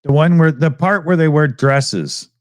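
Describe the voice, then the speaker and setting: A man's voice: fairly high pitch, a little slow, a little mellow, no room sound, clean studio sound. A Canadian man co-hosting a casual online chat show, rambling and joking with frequent laughs. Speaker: podcast co-host.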